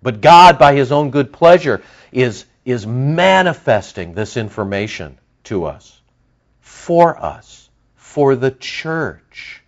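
A man preaching a sermon as pastor, animated, with lively emphasis and asides to his listeners. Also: medium pitch, slow pace, dull audio.

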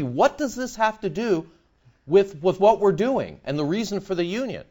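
A man preaching a sermon, animated and conversational, acting out other people's voices in his stories. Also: high voice, normal speed. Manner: animated, mimics voices in anecdotes. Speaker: pastor.

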